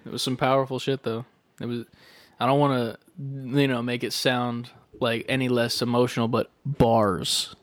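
A man's voice: medium pitch, flat delivery, moderate pace. A man in casual chat who talks bluntly and swears freely.

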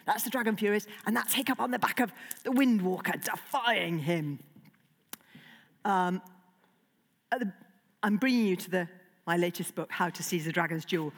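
Chatty woman in an echoey hall. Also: mid-range voice. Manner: chatty, digressive, with many fillers. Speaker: children's author. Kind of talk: author talk to children. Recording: long hall reverb.

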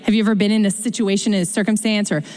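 A woman pastor preaching a sermon in a lively, conversational way, acting out quotes with sudden jumps in her voice. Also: rapid-fire. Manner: animated, conversational, acts out quotes with big pitch jumps. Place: church. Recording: church hall reverb.

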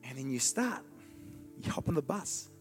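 A man preaching a sermon, swinging between loud declarations and hushed asides. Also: medium pitch, big pitch swings, moderate pace, soft background music.

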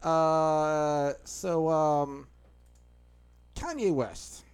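Man, podcast co-host, slightly high voice, casual news reading, chuckling asides. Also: drawn-out words, smooth. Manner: laughs while reading, deadpan asides.

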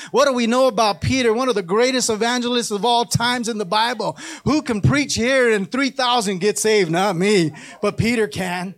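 A man preaching a sermon as pastor, with call-and-response and passages that climb into shouted, half-sung pleas. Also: sits high, normal speed, few pauses.

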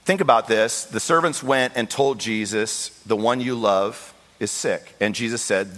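A male pastor preaching a sermon with passion, acting out the voices in the Bible story and rising to high, pleading cries. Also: a little slow, few pauses, a bit bright. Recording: long hall reverb.

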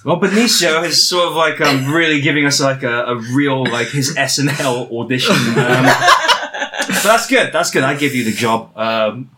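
A man's voice: medium pitch, normal speed, background noise. A man hosting a casual comedy podcast, rambling and laughing often as he talks. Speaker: podcast host.

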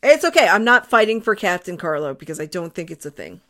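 A woman's voice: very animated, fast, fairly bright tone. Young woman host, playful chatter, lots of laughs, voice jumps all over. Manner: playful, laughs often, swings in pitch. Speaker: podcast host. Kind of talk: casual chat.

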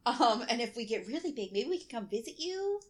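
A woman's voice: fairly high pitch, big pitch swings, fairly quick. A woman co-hosting a podcast in casual chat, laughing often and reading news aloud. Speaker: podcast co-host.

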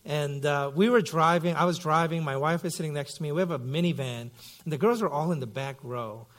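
Higher-voiced man preaching a sermon. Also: brisk, a bit bright. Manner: conversational storytelling with frequent fillers. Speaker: pastor. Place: church sanctuary.

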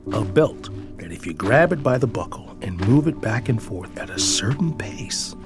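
A father telling a scripted personal story in a reflective, tender way, sometimes dropping to a whisper, over background music. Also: medium pitch.

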